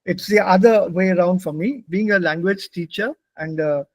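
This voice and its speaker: A man's voice: high-pitched, normal speed, no echo, rough recording. A man from India with an Indian English accent, teaching a German pronunciation class and patiently repeating words for his students.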